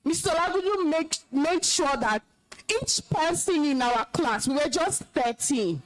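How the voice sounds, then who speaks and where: Speaking a little slowly in a high-pitched voice with lively intonation, a young Nigerian woman returns to her school as an alumna. Her stern address to the schoolchildren is emotional, commanding and scolding.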